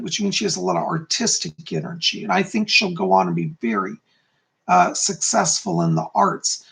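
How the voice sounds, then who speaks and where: A man's voice: high-pitched, vocal fry, a bit bright. A man hosting a casual live stream as a psychic, chatty and upbeat, greeting viewers by name.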